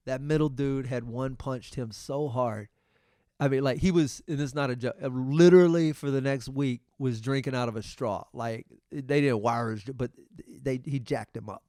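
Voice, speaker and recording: A middle-aged man, hosting his podcast and telling a story in a casual, profane, animated way. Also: mid-range voice, normal speed, no echo, studio quality. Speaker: podcast host.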